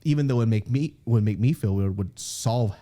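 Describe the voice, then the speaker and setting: A man's voice: fairly low pitch, moderate pace. A man in his thirties, a comedian being interviewed, telling candid stories with lots of laughing, swearing and acted-out quotes. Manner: animated storyteller, swears freely, laughs often, acts out quotes. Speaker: guest comedian.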